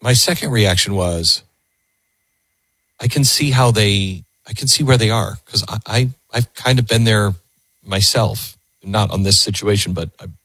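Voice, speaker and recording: A man hosting a call-in radio talk show, earnest and halting, often repeating his words. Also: fairly low pitch, fairly bright tone, breathy edge, dry recording.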